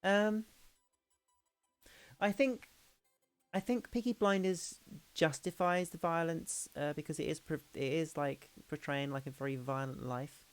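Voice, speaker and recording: A woman streamer in a casual hangout chat, talking fast and loose with frequent laughs and restarts. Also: low-pitched, steady tone, soft background music. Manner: chatty, laughing, restarts sentences.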